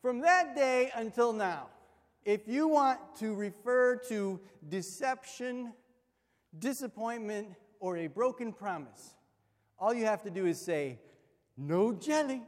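A man's voice: sits high, slow. A man preaching a sermon, telling a funny story and acting out the voices in it. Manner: animated, acts out voices in his stories. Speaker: pastor. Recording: long hall reverb.

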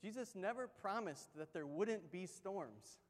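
A man's voice: high voice, a little slow. A man preaching a sermon as pastor, talking conversationally and acting out the story's voices with energy. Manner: conversational, animated storytelling with acted-out quotes. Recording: long hall reverb.

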